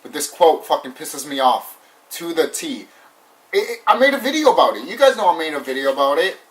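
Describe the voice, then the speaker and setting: A man's voice: a little high, a little fast. Ranting young man, slightly distant mic. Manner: animated, repetitive, swears often, laughs. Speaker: YouTube movie reviewer. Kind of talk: casual ranting review. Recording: voice somewhat far from the mic.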